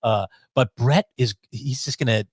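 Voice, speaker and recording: Easygoing rambling man, mid-pitched and dry. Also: moderate pace, husky, dry recording. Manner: rambling, casual, many fillers. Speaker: sports show co-host. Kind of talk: live-stream sports talk.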